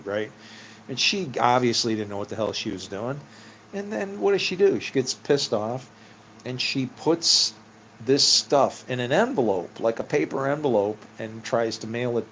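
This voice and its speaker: A man's voice: medium pitch, slight background noise. A middle-aged man telling rambling personal stories in a casual, meandering way, laughing often and swearing freely. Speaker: vlogger.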